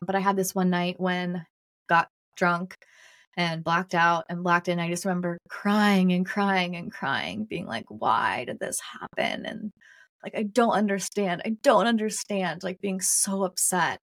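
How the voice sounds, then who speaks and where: A young adult woman hosting a podcast, telling her own life story in a candid, reflective way and often repeating her phrases. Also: medium pitch. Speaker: podcast host. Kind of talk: personal storytelling monologue.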